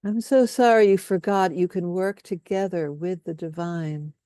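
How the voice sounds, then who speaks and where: Woman workshop leader, calm guided-healing delivery, dry close sound, lowish pitch. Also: dry recording. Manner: slow, soothing, leads repeated statements.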